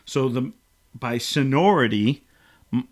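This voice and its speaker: A man's voice: mid-range voice, lively intonation, takes it slowly. A man hosting a podcast, telling stories in an emotional, rambling casual chat. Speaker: podcast host.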